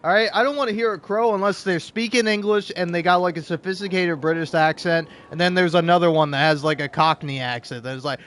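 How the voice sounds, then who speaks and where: A man's voice: a little high, steady tone, fast talker, few pauses, fairly bright tone. A young man giving casual gameplay commentary, rambling, joking, stammering and swearing as he plays. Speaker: gameplay streamer.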